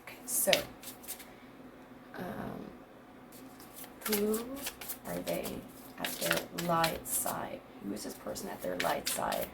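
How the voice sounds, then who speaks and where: A woman's voice: low voice, wildly swooping pitch, takes it slowly, vocal fry, very noisy. A woman in her twenties giving a casual tarot reading, rambling and hesitant with many fillers and restarts, laughing often between thoughts. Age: 20s. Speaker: tarot reader.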